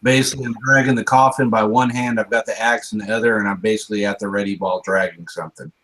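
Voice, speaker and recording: A man's voice: on the low side, steady tone, quick pace, fairly bright tone, rough recording. A man playing a tabletop game, speaking bluntly and impatiently. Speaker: player. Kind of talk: in-character tabletop role-play.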